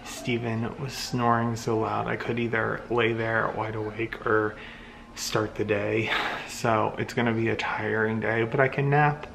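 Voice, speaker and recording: A man's voice: lowish voice, flat delivery, a little slow, gravelly, fairly bright tone, slight background noise. Chatty young man vlogging at home. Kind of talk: casual vlog narration.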